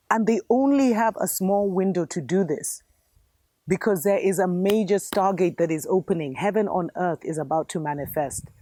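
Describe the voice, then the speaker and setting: A woman's voice: lowish voice, mellow. A woman host giving an impassioned spiritual commentary monologue, fervent and preachy, calling her viewers family.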